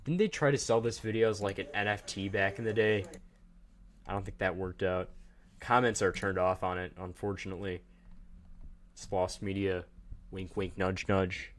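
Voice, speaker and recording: A man with a fairly low voice hosts a casual livestream. He rambles from thought to thought, cracks jokes and talks directly to his chat. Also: steady tone, moderate pace. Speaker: livestream host.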